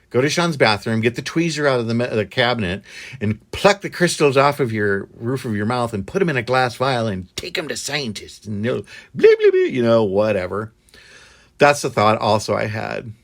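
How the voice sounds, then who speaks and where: Man, lowish voice, halting storytelling, lots of fillers and restarts. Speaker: guest recounting an experience. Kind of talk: casual storytelling.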